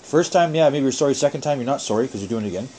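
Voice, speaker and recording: An angry man lectures someone over a phone call, swearing constantly. He talks quickly at a mid pitch. A faint hum of noise sits behind him. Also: animated, warm tone. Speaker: caller in a family phone argument. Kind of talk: heated phone argument.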